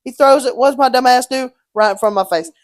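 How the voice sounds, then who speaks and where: A woman's voice: high-pitched, fast, no echo, studio quality. A woman co-hosting a podcast, telling stories in casual chat, swearing freely and acting out quotes. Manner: animated storytelling, swears freely, acts out quotes. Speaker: podcast co-host.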